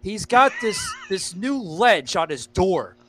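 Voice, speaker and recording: A man's voice: high-pitched, big pitch swings, slow pace, noisy background. A man hosting a podcast, telling stories in a rambling, profane way with lots of fillers. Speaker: podcast host. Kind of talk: casual podcast chat.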